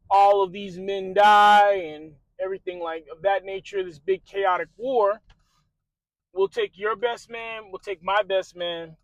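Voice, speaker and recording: Guy with a pretty high voice hyping up a movie scene, dry close mic, lots of "you know" and "right". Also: no echo, poor audio. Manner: animated storyteller, acts out quotes, many fillers. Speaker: motivational video host. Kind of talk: casual retelling of a film scene.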